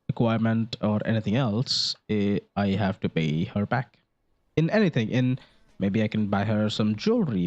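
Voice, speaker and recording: On a desk microphone with lo-fi sound, an Indian gaming video creator of about eighteen talks in a lowish, slightly mellow voice. His casual commentary wanders and jokes around, heavy on fillers, with swearing here and there.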